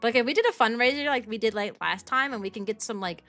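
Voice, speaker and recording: Soft music plays as a young American streamer, a kindergarten teacher by trade, chats loosely with her viewers, restarting and filling pauses. She talks at a quick pace in a fairly high, slightly bright voice.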